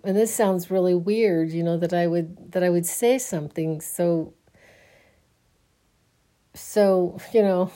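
A sleepy, yawning woman musing on faith in a halting, casual way, often restarting her sentences. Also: fairly low pitch. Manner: slow, halting, restarts often, soft laughs.

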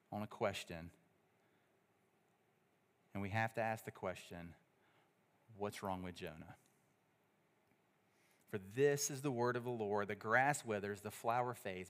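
A man preaching a sermon at a church service, animated and leading the congregation in call-and-response. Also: lowish voice.

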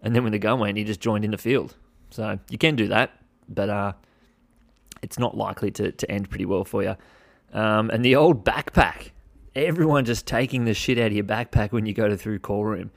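On a casual solo podcast, a low-voiced Australian host with some vocal fry runs through his gripes at a moderate pace. He's blunt, swears freely, and carries a mock-exasperated edge.

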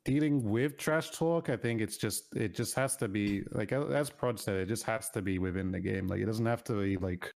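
A man's voice: on the low side, moderate pace, gravelly, hardly any pauses, a little mellow. A man co-hosting a podcast in casual chat, rambling with many fillers and laughing easily. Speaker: podcast co-host.

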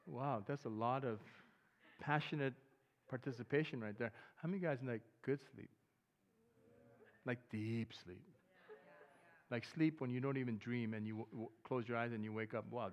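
A man preaching a sermon as pastor, talking to the congregation in a relaxed way and breaking into loud excited bursts. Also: medium pitch, moderate pace, pauses often, muffled recording.

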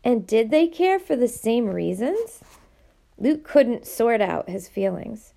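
A woman reading a novel aloud in an expressive, animated way. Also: a little high, takes it slowly, gravelly. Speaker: audiobook reader.

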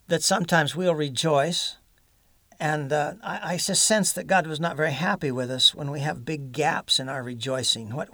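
A man's voice: fairly high pitch, a bit bright, dry recording. A man preaching a sermon in an earnest, folksy way, mixing scripture with homespun humor.

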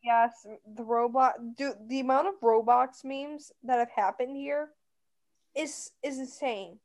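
A woman's voice: high-pitched, unhurried. A young woman co-hosting a casual podcast, blunt and slangy with a joking edge. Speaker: podcast co-host. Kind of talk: casual chat.

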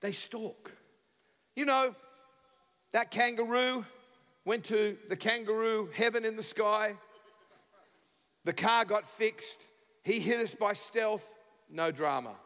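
An Australian man preaching as a guest speaker, telling funny stories and acting out the dialogue with sudden shouts. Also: sits high, big-room sound. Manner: animated, acts out dialogue, bursts into shouts. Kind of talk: humorous sermon storytelling. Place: church sanctuary.

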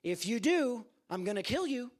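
A man voicing a bully who threatens a preacher, loud and aggressive. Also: extremely high pitch, sing-song, normal speed, voice pushed up. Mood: menacing.

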